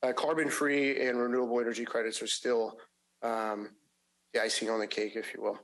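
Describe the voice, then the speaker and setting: A man giving a finance report at a public agency meeting, with a measured delivery and frequent fillers and restarts. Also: mid-range voice, flat delivery, fairly bright tone, rough recording.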